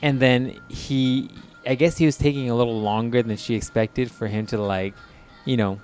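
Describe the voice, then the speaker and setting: A man's voice: mid-range voice, steady tone, moderate pace, a little mellow, soft background music. Laid-back podcast guy, lots of laughing. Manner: laughs often, loose storytelling with many fillers. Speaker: podcast co-host. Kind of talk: casual crude podcast chat.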